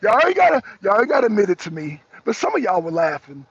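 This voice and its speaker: Host: a high, husky man, rambling slangy commentary, dull lo-fi sound. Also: sing-song, quick pace. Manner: rambling, repeats himself, laughs often, speaks slang. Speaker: talk show host. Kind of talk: casual political commentary to viewers. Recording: dull lo-fi recording.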